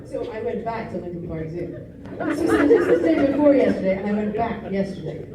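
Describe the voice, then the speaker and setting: Woman performer, animated live storytelling; distant bootleg with noisy crowd. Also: fairly quick, roomy sound. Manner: animated, acts out quotes with big pitch jumps, laughs and swears. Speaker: singer telling a story on stage. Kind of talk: live on-stage storytelling between songs. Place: music venue, live show. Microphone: fan's handheld recorder in the audience. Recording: distant audience recording with crowd noise. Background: crowd murmur and laughter.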